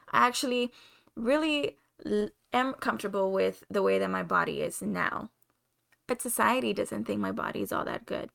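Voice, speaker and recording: A young woman with a Spanish accent, talking openly and confessionally as a podcast host, sometimes pausing to find her words. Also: mid-range voice, vocal fry, fairly bright tone. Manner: open, confessional, searching for words. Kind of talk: candid solo podcast monologue.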